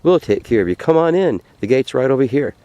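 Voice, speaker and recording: A man voicing a smooth-talking male gatekeeper who lures a hunter in, with false, coaxing reassurance. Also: medium pitch, lively intonation, brisk, dark tone, dry recording, muffled recording, voice pushed up, lightly acted. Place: outdoors by a frozen lake.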